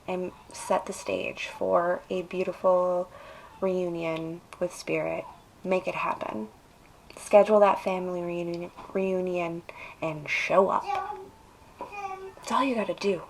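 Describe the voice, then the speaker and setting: Slow, coaxing woman tarot reader. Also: medium pitch, slight background noise, poor audio. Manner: emphatic, coaxing, drawn-out phrasing. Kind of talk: casual tarot reading.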